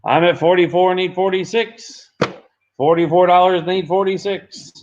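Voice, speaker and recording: A man running a live online charity auction, calling and repeating bids briskly. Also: high voice, fairly even intonation, a little mellow. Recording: dull lo-fi stream audio.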